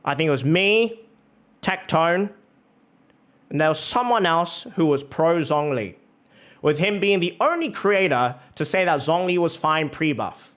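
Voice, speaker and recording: A man's voice: on the high side, animated, unhurried, fairly bright tone. A male streamer giving a heated, profane reaction rant on stream, repeating phrases for emphasis.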